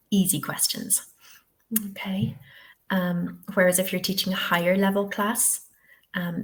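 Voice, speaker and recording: Fairly low with vocal fry, yet a bit bright: that's the voice of this west-of-Ireland woman leading a live online teacher-training session. She's encouraging and conversational, regularly checking "okay?"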